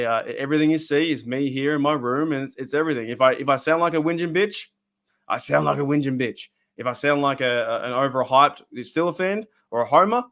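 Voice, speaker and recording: An Australian man streaming from his room, ranting bluntly about his team, his voice rising loud and dropping to a mutter. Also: medium pitch. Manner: fired-up, blunt, swings between loud and muttered. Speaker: sports fan streamer. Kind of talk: emotional live-stream rant.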